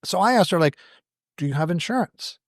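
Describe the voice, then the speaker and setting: A man's voice: high voice, fairly quick, no echo, studio quality. Man telling stories with acted-out dialogue. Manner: animated storyteller who acts out quoted dialogue; wry, self-deprecating humor. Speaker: podcast guest. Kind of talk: anecdotal storytelling in conversation.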